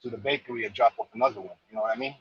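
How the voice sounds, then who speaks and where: A man's voice: mid-range voice, steady tone, very fast, highs cut off, a little hiss or hum. A man from New York casually telling a long, rambling story, full of fillers and repeated phrases.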